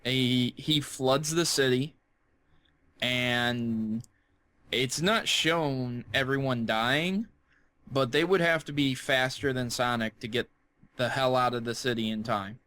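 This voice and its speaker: A young man co-hosting a podcast in casual chat, joking and laughing with quick bursts of excitement. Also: medium pitch, dry recording. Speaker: podcast co-host.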